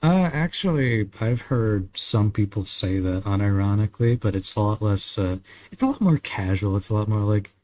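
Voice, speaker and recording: A young man from Australia, chatting casually with viewers while he plays a game, relaxed, laughing often and swearing now and then. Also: fairly low pitch, normal speed, few pauses, no room sound. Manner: laid-back, chuckles often, swears casually. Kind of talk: casual chat.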